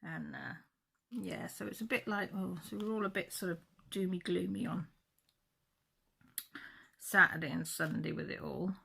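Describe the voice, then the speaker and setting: Bright-voiced woman chatting while crafting. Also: lowish voice, normal speed, creaky, long pauses, breathy edge. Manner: chatty, rambling, corrects herself mid-sentence. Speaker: crafting channel host. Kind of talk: casual chat while crafting.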